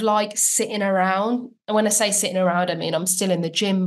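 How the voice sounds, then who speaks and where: Chatty woman footballer, slightly low voice. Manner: chatty and reflective, many "like" fillers. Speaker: guest, professional footballer. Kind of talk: casual podcast interview.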